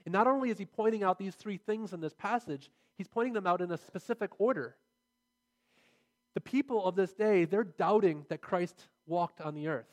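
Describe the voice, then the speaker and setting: A man preaching a sermon, earnest and building to emphatic, repeated phrases as he drives his points home. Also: sits high.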